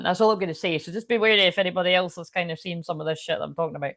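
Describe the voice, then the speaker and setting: Woman, casual spiritual talk, rambling, frank, swears, low-pitched, dry close sound. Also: racing, a bit bright, no room sound. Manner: rambling, frank, swears freely, many fillers and restarts. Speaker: spiritual channel and tarot reader.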